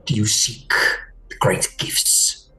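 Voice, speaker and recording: A man voicing a cold, sinister male mind flayer prophet in a low, hissing whisper. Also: slow, bright, forceful tone, poor audio. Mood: menacing whisper.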